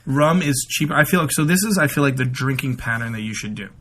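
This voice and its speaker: A man's voice: mid-range voice, expressive, fast talker, a bit bright. A man on a casual comedy podcast, rambling through stories and acting out the people in them. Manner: rambling storyteller, acts out quotes. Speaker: podcast guest.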